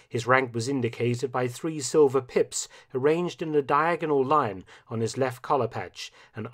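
Guy reading a history script, serious and measured, middle pitch. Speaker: narrator.

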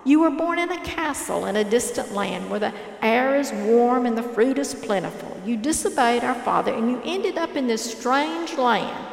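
A woman voicing a calm, gentle eldest brother who speaks softly and earnestly. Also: on the high side, normal speed, creaky, few pauses. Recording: echoey hall reverb.

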